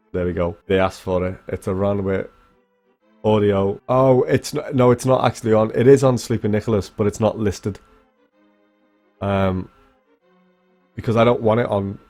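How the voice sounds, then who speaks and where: Young man, deep low voice, casual livestream chatter, profane and rambling, quiet music behind. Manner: rambling, swearing, talks straight to chat. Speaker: speedrunner streamer. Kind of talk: casual livestream chat with viewers.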